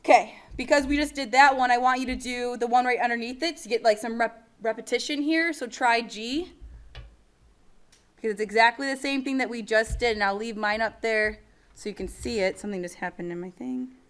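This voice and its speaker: Woman math teacher, slightly higher voice, casual and encouraging classroom delivery. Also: a little fast. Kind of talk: classroom lesson.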